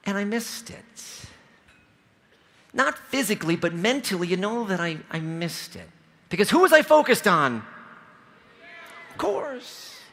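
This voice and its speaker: A man's voice: high voice, a little slow, pauses often. A man in his forties from Ohio, giving a motivational keynote speech to a large convention audience, telling stories with lots of energy and speaking directly to the crowd. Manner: energetic, storytelling, audience-engaging. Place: large convention hall stage.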